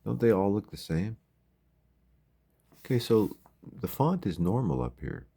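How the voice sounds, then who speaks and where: A man's voice: lowish voice, sing-song, unhurried, vocal fry, dark tone, breathy edge. A man giving rambling, wry late-night commentary at home as a vlogger. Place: home at night, windows open.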